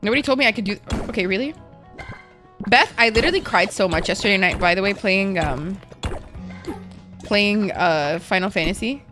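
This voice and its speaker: A woman's voice: medium pitch, normal speed, long pauses, music in the background. A woman streamer chatting casually while gaming, rambling and emotional, with lots of "like" and swearing.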